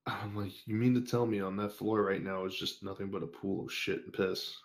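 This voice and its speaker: A man's voice: sits low, steady tone, a little fast. A young man telling a crude, profanity-filled anecdote in a casual chat, acting out the quotes of the people in it. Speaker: guest storyteller.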